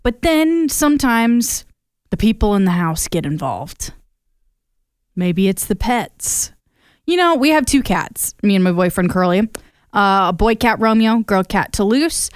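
A woman's voice: mid-range voice, unhurried, clean tone, dry recording, studio quality. Chatty young woman radio co-host. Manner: chatty storyteller, animated retelling. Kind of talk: casual radio chat. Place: radio studio.

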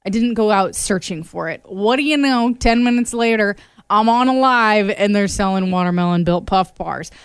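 An animated woman co-hosts an afternoon radio podcast in easy, casual chat. She tells her stories with bursts of laughter and a middling voice. The sound is close and dry, straight from a studio mic. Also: medium pitch, moderate pace, clear, resonant tone, dry recording. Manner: animated storytelling, laughs often. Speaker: radio co-host.

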